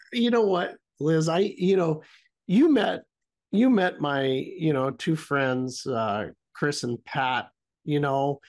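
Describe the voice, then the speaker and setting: A man's voice: mid-range voice, creaky. A middle-aged man co-hosting a talk podcast, telling a story casually and rambling, trailing off often. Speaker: podcast co-host.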